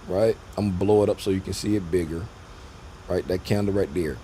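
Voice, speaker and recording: A man's voice: deep voice, a little fast, dark tone, a little hiss or hum. A man, talking loosely and repeating himself as he walks viewers through a trading lesson on screen. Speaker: trading educator.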